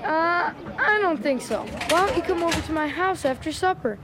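A woman's voice: extremely high pitch, moderate pace, a crowd in the background, noisy background. A woman voicing a pushy, easygoing schoolboy in a children's radio drama. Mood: chatty. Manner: pushy, wheedling.

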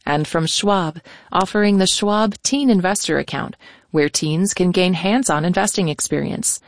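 A woman's voice: on the low side, normal speed, dry recording, clean studio sound. Woman reading radio sponsor messages. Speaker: sponsor announcer. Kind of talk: scripted announcement.

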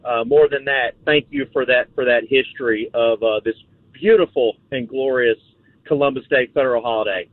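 A man's voice: medium pitch, moderate pace, no room sound. A man calling in to a radio show, polite and a little hesitant, with dry jokes. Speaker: caller. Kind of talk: call-in radio conversation. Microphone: telephone. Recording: tinny phone line.

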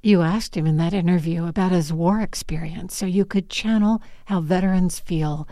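A woman interviewer with a fairly low, mellow voice asks measured, well-prepared questions. She is recorded close and dry. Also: dry recording.

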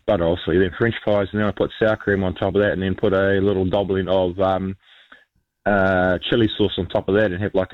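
A man's voice: sits low, no echo, narrow, tinny audio. A New man chatting casually as a radio guest, rambling with lots of ums and restarts.

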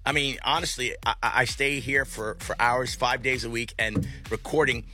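A hoarse man talks in a rambling, excitable way, tripping over repeated words. His voice is very bright and sharp. Faint music plays under the radio chat. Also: medium pitch, moderate pace. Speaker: radio show and podcast co-host.

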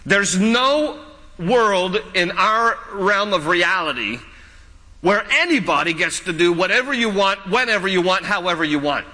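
High, bright-voiced pastor preaching in a hall. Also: male voice, animated, a little slow. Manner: conversational, repetitive phrasing, asks the congregation questions. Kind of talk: live sermon with stories. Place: church sanctuary. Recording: reverberant church hall.

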